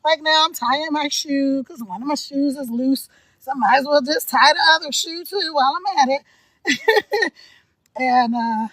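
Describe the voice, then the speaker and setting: A middle-aged woman, a live streamer and online business coach, chats casually with her viewers while walking up a hill outdoors. Her voice is high and fairly bright, she's a little out of breath and laughs often, and the recording is dry.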